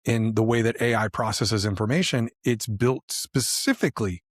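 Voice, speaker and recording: A man co-hosting a casual business podcast, asking questions and reacting in a relaxed conversational way. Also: mid-range voice, moderate pace, no room sound, clean studio sound. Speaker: podcast co-host.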